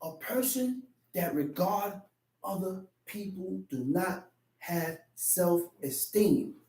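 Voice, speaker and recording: A man's voice: sits high, takes it slowly, a little mellow. A man preaching a sermon, telling a personal story and acting out the voices in it. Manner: storytelling, acts out voices in quotes. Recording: echoey room, mic at a distance.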